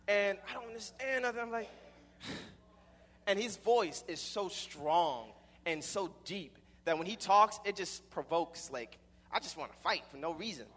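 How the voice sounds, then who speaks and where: A man's voice: sits high, animated, slow pace, a bit bright, slightly rough, in a large hall. A young man telling a personal story in a rambling way, with many repeated restarts.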